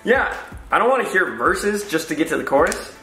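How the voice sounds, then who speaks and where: Young man, joking banter, laughs a lot, slightly high voice, faint music. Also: big pitch swings, brisk, bright, forceful tone. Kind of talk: casual chat. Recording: echoey room with faint music.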